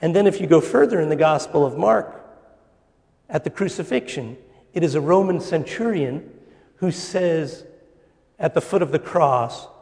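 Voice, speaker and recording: A man preaching a sermon, slow and deliberate, with pauses. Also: a little high, creaky, warm tone. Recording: long reverb of a church hall.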